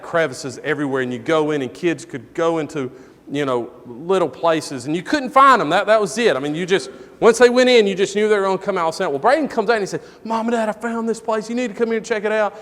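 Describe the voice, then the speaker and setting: Animated male preacher in reverberant hall. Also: a little high. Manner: animated storytelling, shouting in quoted moments. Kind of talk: sermon with a personal story. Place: church sanctuary.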